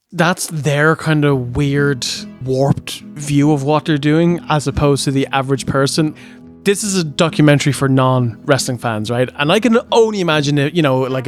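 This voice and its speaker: A man co-hosting a casual review chat, sweary and quick to laugh. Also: a little high. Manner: chatty, sweary, laughing, mimics people. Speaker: podcast co-host.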